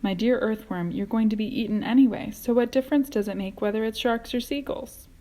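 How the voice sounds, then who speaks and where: A woman's voice: on the high side, a little fast, mellow, lightly acted. A woman reading aloud, voicing a sarcastic, mocking centipede in a storybook. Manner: jeering.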